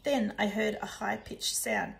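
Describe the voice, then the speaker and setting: A woman narrating a children's novel in the first person, in a hushed, soft delivery. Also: mid-range voice, sing-song, measured pace, vocal fry, poor audio. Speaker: audiobook narrator.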